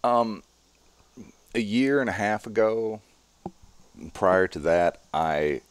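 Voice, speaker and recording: A man in his late forties, a strongman performer, explaining calmly and at length in a podcast interview. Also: on the low side, clear, resonant tone, no room sound. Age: 40s. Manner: calm, measured, explanatory.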